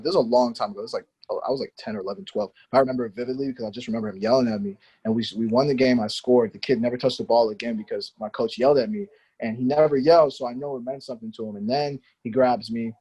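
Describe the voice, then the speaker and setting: A man's voice: medium pitch, darkish tone, slightly rough. A man, a former pro soccer player, telling a long story in a podcast interview, rambling with lots of fillers like "you know".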